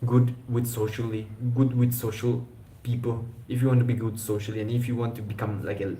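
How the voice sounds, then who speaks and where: Young male streamer, rambling casual talk, mellow tone, echoey room. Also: medium pitch, little pitch movement, brisk, slight background noise. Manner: rambling, with restarts and slang. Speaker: live stream host. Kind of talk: casual live stream chat.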